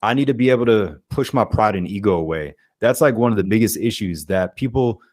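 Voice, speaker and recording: A low-voiced man talks as a podcast guest in an animated, casual way, slipping into little acted-out quotes of what people say. The sound is close and dry, with almost no room in it. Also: brisk, dry recording. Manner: energetic, acts out quoted speech. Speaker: podcast guest, life coach. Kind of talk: casual interview chat.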